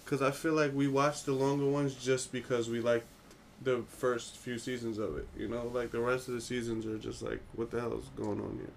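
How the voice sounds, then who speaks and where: A man's voice: medium pitch, level tone, moderate pace, vocal fry, slight background noise. A man co-hosting a casual podcast, making blunt, joking asides. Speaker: podcast co-host.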